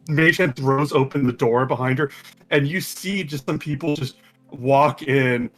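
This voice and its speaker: A man's voice: medium pitch, fairly even intonation, unhurried, fairly bright tone, faint music behind. A man working as game master, narrating a tabletop game in a loose, hesitant way with many fillers.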